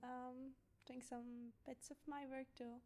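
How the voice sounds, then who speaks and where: Young woman guest, high voice, hesitant soft-spoken delivery, easy laughter. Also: level tone, slow. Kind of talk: casual chat.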